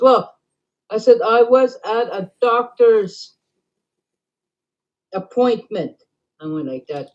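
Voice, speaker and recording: A middle-aged woman telling a long story in casual talk, rambling with many fillers and dropping to quiet asides. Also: a little high. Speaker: band councillor. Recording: dull lo-fi recording.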